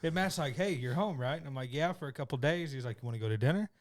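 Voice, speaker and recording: A man, co-hosting a podcast and telling animated stories, acting out the dialogue. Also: fairly high pitch, fast talker, a loud crowd. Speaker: podcast co-host. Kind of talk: casual chat. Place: podcast studio.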